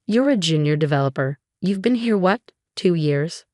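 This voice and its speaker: A curt, condescending tech boss, read by a woman with a low voice in a dry, close recording. He waves off anything he doesn't care about. The lines stay clipped and cold. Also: animated, moderate pace, darkish tone, no room sound, natural voice. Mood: cold, dismissive. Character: cold dismissive male tech CEO.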